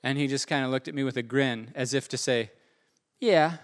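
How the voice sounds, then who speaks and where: A man's voice: mid-range voice, little pitch movement, quick pace, a bit bright, smooth. A man preaching a sermon in an earnest, conversational way, often repeating his phrases for emphasis. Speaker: pastor.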